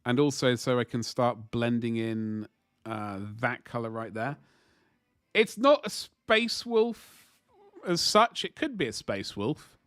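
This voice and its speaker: A man's voice: medium pitch, animated, slow pace, a bit bright, no room sound, studio quality. Chatty man streaming his painting. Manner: chatty, rambling, talks to chat while working. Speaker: livestream host painting miniatures. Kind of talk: casual livestream chat.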